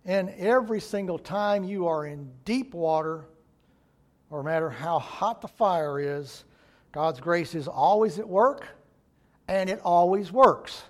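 A man's voice: high-pitched, measured pace. A male pastor preaching a sermon in an emphatic way, repeating key phrases for weight.

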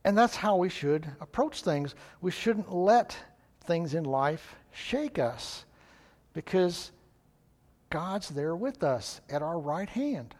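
Male preacher, somewhat high voice, folksy storyteller who clears his throat often. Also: sing-song, slow pace, darkish tone. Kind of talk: sermon.

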